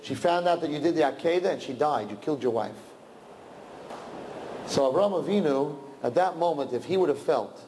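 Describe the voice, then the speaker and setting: A rabbi giving a lively sermon to a youth audience, his voice sitting a bit on the high side for a man. He tells the story dramatically, jumping between loud, pressing lines and hushed ones, and drops Yiddish and Hebrew terms along the way. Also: brisk, big-room sound, slight background noise. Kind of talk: sermon to young people.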